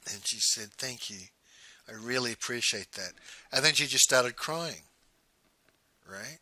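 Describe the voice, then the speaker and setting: Male storyteller, very bright tone, dry close sound, conversational and full of quoted dialogue. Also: mid-range voice, unhurried, no echo, rough recording. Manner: conversational, often quoting dialogue. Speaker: host. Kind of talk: personal storytelling.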